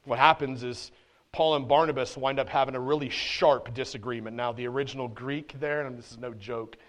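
A man preaching a sermon in church, animated and conversational, with casual slang. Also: medium pitch, fairly quick. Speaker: pastor.

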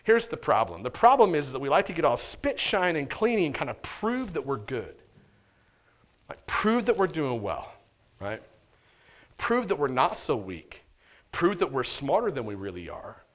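A pastor preaching a sermon in a conversational, emphatic way, often checking in with "right?" and swinging between intense loud stretches and quiet asides. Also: male voice, medium pitch, huge pitch swings, normal speed.

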